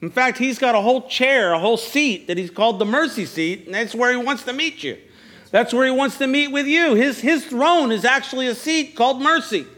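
A man's voice: extremely high pitch, lively intonation, a little fast, pushed and bright. A male pastor preaching a sermon at a church service, asking his listeners questions and repeating his key phrases. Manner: preaching with call-and-response questions; repeats phrases, stammers on restarts.

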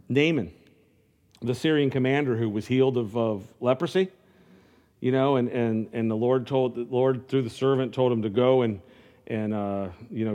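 A man's voice: medium pitch, a little mellow, muffled recording. A man preaching a sermon in a conversational way, with frequent restarts, building to fervent calls. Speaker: pastor.

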